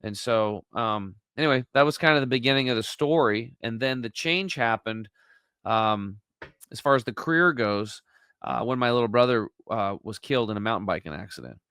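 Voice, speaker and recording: A man's voice: mid-range voice, moderate pace, a bit bright, clear, resonant tone, dry recording. A man talking as a podcast guest, telling his story and acting out quoted dialogue with animation. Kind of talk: conversational storytelling.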